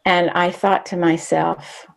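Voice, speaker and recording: An older woman recounting a memory from her own life, her voice low and touched with a gravelly fry. She talks candidly and reflectively, pausing and restarting as she recalls. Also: level tone. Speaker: storyteller. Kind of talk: personal storytelling.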